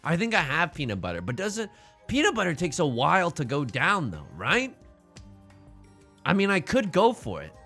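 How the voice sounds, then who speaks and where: A man streaming a tile game, talking through his moves in an animated, jokey way. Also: a little high, normal speed, soft background music. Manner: animated, jokey, self-narrating. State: hiccuping. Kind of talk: live game stream commentary.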